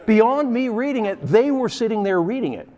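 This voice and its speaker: A middle-aged male guest preacher with a fairly high voice, telling a funny story in his sermon. He laughs often and slips into quick impressions of other people. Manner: animated, laughing often, mimics voices in quoted lines.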